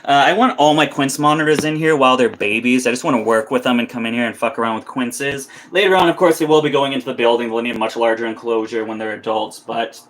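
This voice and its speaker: A man's voice: medium pitch, fast talker, few pauses, fairly bright tone. A young man live-streaming as a reptile keeper, ranting in a heated, profane way with many restarts. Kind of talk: casual live-stream rant.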